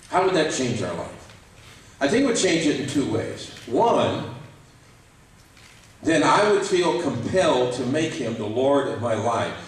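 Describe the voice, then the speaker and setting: A man preaching a sermon as pastor, animated and acting out quoted voices. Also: mid-range voice. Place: church sanctuary. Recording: echoey church hall, mic at a distance.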